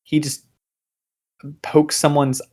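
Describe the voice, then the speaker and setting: A man's voice: fairly high pitch, level tone, takes it slowly, warm tone. A young man co-hosting a podcast, talking in a casual, rambling way, full of fillers, restarts and offhand swearing. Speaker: podcast co-host. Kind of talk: casual chat.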